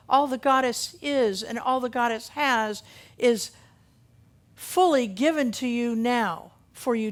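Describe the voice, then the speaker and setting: A woman minister giving a sermon, repeating key phrases emphatically and slowing down for weight. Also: on the high side. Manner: emphatic, repetitive preaching with slowed key phrases.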